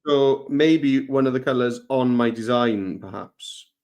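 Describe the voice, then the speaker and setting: A man co-presenting a live software lesson, demonstrating steps in a relaxed, teasing way. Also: medium pitch, a little slow.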